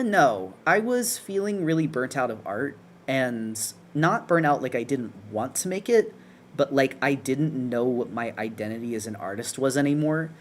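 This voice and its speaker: A man's voice: medium pitch, a little hiss or hum. A man streaming while he draws, chatting casually in a rambling, self-correcting way. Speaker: streamer and artist. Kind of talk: casual live-stream chat while drawing.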